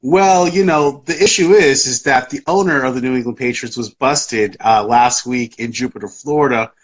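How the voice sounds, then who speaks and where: A man's voice: mid-range voice, normal speed. A man hosting a live podcast in casual chat, rambling with lots of fillers and restarts. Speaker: podcast host.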